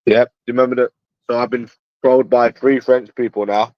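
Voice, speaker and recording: A man's voice: medium pitch, little pitch movement, a little fast, dry recording. A man with a London accent talking casually to viewers in a rambling, crude way, swearing freely. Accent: London English. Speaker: livestreamer. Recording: dull lo-fi dry sound.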